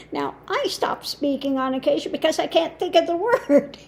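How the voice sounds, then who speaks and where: A woman speaking as a spiritual teacher in a casual monologue, deliberate and scornful, with long pauses. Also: high voice, lively intonation, creaky, a little mellow. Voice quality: slow, deliberate with long pauses and frequent laughs. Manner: scornful, emphatic, mocking.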